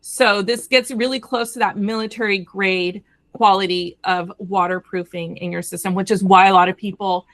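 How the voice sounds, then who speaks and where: A woman brand representative explaining a product in a lively conversational way, often checking in with the listener. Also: mid-range voice, normal speed, few pauses, dry recording. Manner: animated, addresses listeners directly with frequent "okay?".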